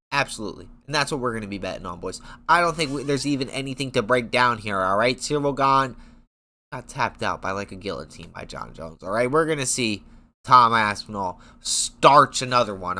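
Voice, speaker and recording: A man's voice: medium pitch, sharp tone. A young man chatting casually about upcoming MMA fights in a hyped, profane, rambling way. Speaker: MMA commentary YouTuber. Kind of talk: casual fight-talk vlog.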